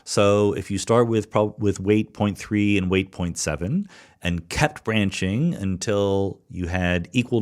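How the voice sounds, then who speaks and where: An American man with a fairly low voice works through listener questions on his own podcast. He thinks aloud as he explains, restarting phrases now and then, and his pitch rises and falls animatedly from line to line. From United States, Philadelphia suburbs. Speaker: podcast host. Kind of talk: solo listener Q&A monologue.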